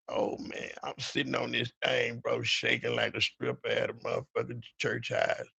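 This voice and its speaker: A man hosting a podcast, telling a story in an animated, profane way and talking to his listeners directly. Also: mid-range voice, moderate pace, vocal fry, hardly any pauses, breathy edge, highs cut off. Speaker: podcast host. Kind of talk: dramatic storytelling.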